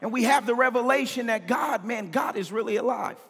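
A man preaching a sermon as pastor, impassioned, swinging between shouts and sing-song cadences. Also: very high-pitched, a little fast, breathy edge, long reverb tail. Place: church sanctuary.

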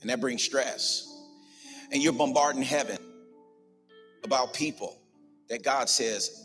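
This pastor's mid-range, slightly bright voice moves at a measured pace with long pauses as he preaches fervently, hammering home his points through repetition. He's in a church sanctuary, where the big hall echoes at length over faint background music.

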